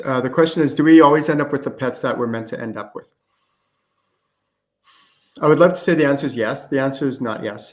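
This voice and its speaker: A middle-aged man hosting a live-streamed question-and-answer show, talking casually with lots of fillers as he explains and acts out conversations. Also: mid-range voice. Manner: casual and chatty, many fillers, acts out student exchanges. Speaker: host and channeling teacher.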